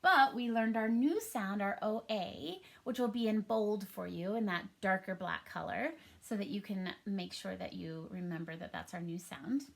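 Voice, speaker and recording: A woman's voice: mid-range voice, moderate pace, gravelly, hardly any pauses. A woman teaching a first grade reading lesson for a home recording, upbeat and encouraging in a sing-song teacher manner.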